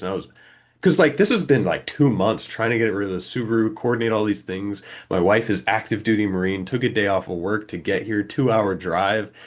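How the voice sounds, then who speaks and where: A young man in his twenties on a casual podcast, telling a long story and acting out the back-and-forth in it. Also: on the low side. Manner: animated, acts out quoted exchanges. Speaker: podcast co-host.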